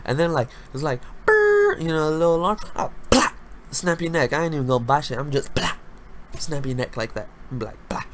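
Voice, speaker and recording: A young man hosting a casual solo podcast, talking loudly with lots of slang and swearing, jumping between high-pitched bursts and low mutters. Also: a little fast, noisy background. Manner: loud, animated, slangy, swears freely. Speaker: podcast host.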